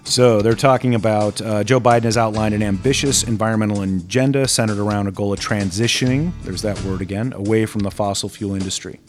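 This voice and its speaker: A man co-hosting a talk radio show, reading news articles aloud with relaxed asides. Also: lowish voice, brisk, few pauses, faint music behind. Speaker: radio co-host.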